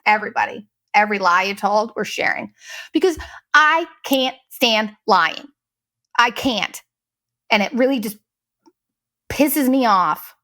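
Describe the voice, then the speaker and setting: A woman hosting a podcast, telling a story in a casual, profane, animated way and mimicking the people she quotes. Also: fairly high pitch, unhurried, long pauses. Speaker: podcast host.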